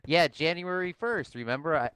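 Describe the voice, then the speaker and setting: A man chatting casually while gaming, laid-back and quick to laugh. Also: on the high side, fairly bright tone, smooth, dry recording. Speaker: co-host gamer. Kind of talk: casual chat.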